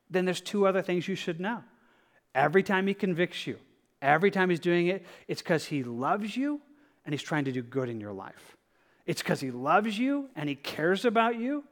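A male pastor delivering a sermon in a somewhat high voice. He speaks earnestly and repeats his points. At times his delivery sinks to a soft, gentle hush. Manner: earnest, repetitive, drops to soft tones for quoted prayer.

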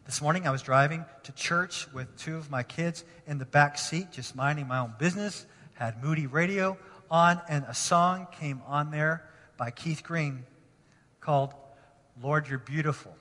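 A man preaching a sermon as pastor in a church, passionate and moving between hushed lines and emphatic ones. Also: fairly high pitch, normal speed. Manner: impassioned, swinging from hushed to emphatic. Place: church sanctuary. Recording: long reverb of a large hall.

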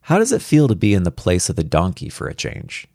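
A man reading a first-person story aloud as a worried father, in an earnest, reflective and quietly anxious way. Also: sits low, wildly swooping pitch, fairly quick, no echo, studio quality.

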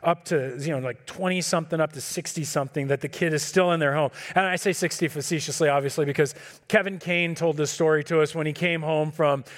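High-voiced man preaching conversationally. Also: steady tone, brisk. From California. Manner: conversational preaching, acts out dialogue with his kids. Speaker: pastor. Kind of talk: sermon.

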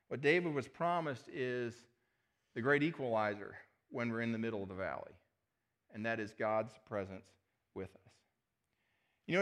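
A middle-aged male pastor preaching a sermon, earnest, often dropping his voice to a hush on key words. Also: mid-range voice. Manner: earnest, drops to a soft hush on key phrases.

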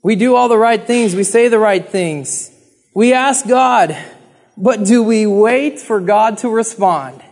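A man's voice: high voice, slow pace, darkish tone. A man preaching a sermon in an earnest, conversational way, talking straight to the congregation and acting out pleading prayers. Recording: long reverb of a hall.

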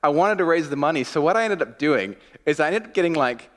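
A pastor giving a sermon, telling a self-mocking personal story in a chatty way and leading a short prayer. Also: male voice, fairly high pitch, expressive, quick pace, a bit bright. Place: church sanctuary. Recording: long reverb of a church hall.

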